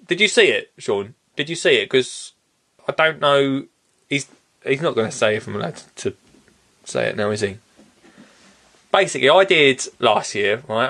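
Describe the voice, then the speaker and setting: A man hosting a podcast, telling a story in a casual, animated way and laughing often. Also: a little high. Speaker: podcast host.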